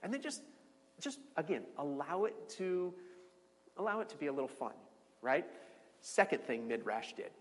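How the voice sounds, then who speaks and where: A man giving an informal Bible teaching to a group, animated and repeating words as he restarts phrases. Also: normal speed, pauses often, long reverb tail. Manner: animated, restarts phrases, swoops high on emphasis.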